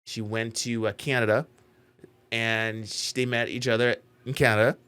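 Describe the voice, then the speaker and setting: A man talking casually as a YouTuber in a reaction vlog, rambling and animated, with many "like"s. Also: medium pitch, moderate pace, clean tone. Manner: rambling, animated, heavy use of "like".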